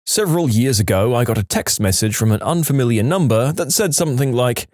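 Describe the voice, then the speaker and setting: A man reads reader-submitted stories aloud in a scripted narration. His delivery is animated, and his pitch swings widely. The recording is close and dry. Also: fairly quick, no echo. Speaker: story narrator.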